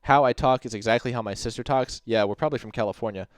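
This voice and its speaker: A man's voice: mid-range voice, fast talker, clear, resonant tone, no echo. A man hosting a livestream, rambling in casual commentary with constant "like" fillers and swearing, answering chat messages as he goes. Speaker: livestream host.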